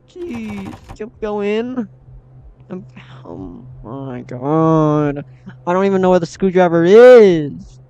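A high-voiced young man narrates his own horror game run in an unhurried drawl. He is jumpy and easily startled, and talks to himself and his viewers as he plays. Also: very animated, vocal fry, warm tone, lo-fi sound. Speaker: gaming channel host. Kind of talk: horror game let's play commentary.

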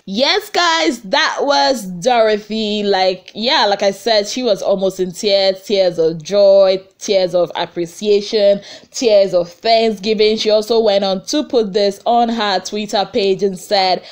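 A woman's voice: medium pitch, slow. A young woman with a Nigerian accent, chatting animatedly through celebrity gossip with rhetorical questions and pidgin asides. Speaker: entertainment gossip vlogger. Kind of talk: casual gossip commentary.

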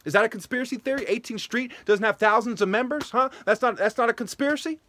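A man delivering an angry, profane ranting monologue as a vlogger, hectoring his listeners and rising to shouting. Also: extremely high pitch, fast talker, no echo.

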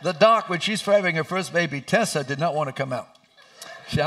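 A middle-aged man preaching as a pastor in a church, telling lively stories and laughing as he goes. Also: on the high side, a little fast. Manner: animated, laughing storyteller who acts out voices. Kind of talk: sermon with storytelling. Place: church sanctuary.

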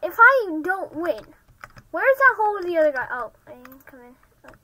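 A child commenting on a block-game match, excitable and often muttering quiet half-whispered asides. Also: very high-pitched, moderate pace, slight background noise, low-quality recording. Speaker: gamer. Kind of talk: Minecraft gameplay commentary.

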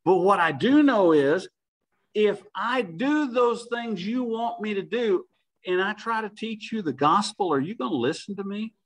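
A man with a high-pitched voice delivers a sermon in a church. His tone is plain and conversational. He slows down to lean on the phrases he wants remembered. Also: animated, rough recording. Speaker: preacher.

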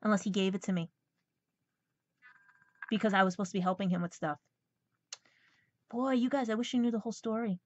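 A woman's voice: mid-range voice, steady tone, fairly quick, pauses often, dry recording. A woman ranting confrontationally in a personal vlog, repeatedly calling out her viewers as "guys.". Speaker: vlogger. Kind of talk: angry personal vlog rant. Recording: dull lo-fi dry sound.

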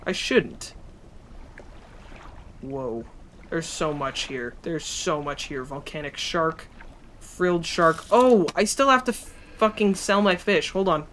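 Excitable, swearing man streaming a game. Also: a little high, slow pace, long pauses, a little hiss or hum. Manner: excitable, profane, talks to chat. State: has a cold. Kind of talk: casual gameplay commentary.

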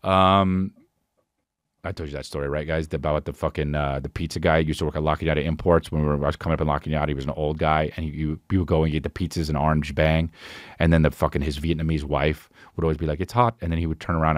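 A man hosting a podcast, telling a rambling, swearing story in casual chat with animated impressions. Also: extremely low pitch, fast talker, no room sound, clean studio sound. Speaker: podcast host.

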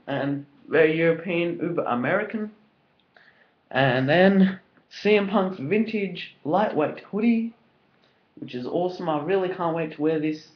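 A young Australian man talks through an unboxing with rambling, excited enthusiasm, full of ums and likes. His voice sits a little high for a man. The home recording sounds dull and lo-fi. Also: measured pace. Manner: enthusiastic and rambling, many fillers. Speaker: vlogger. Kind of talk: casual unboxing video.

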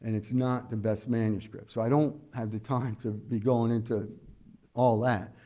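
A pastor delivers a verse-by-verse sermon in a warm, relaxed tone at an ordinary middle pitch. He talks to his congregation conversationally, often filling pauses with "uh" and putting questions to them. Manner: preaches conversationally with frequent "uh" fillers; explains scripture verse by verse, asking the congregation questions. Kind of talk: expository sermon.

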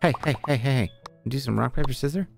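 A man's voice: medium pitch, quick pace, creaky, faint music behind. A young man streamer chatting casually and cursing freely while playing a game and talking to his viewers. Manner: chatty, profane, talks to chat. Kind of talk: casual live gameplay commentary.

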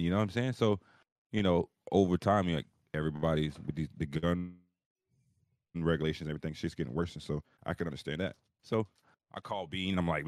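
A low-voiced man talks fast while co-hosting a podcast over a video call, spinning a long, profane story in casual conversation. He's a rambling, animated storyteller, and the recording is clean studio sound with no echo.

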